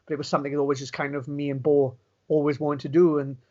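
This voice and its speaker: A man's voice: fairly high pitch, level tone, a little mellow. A young Welsh man being interviewed, telling stories eagerly and restarting his sentences often. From Wales. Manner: fast, enthusiastic storytelling with many restarts. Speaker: interview guest, pro wrestler. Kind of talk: casual interview chat. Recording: dull lo-fi recording.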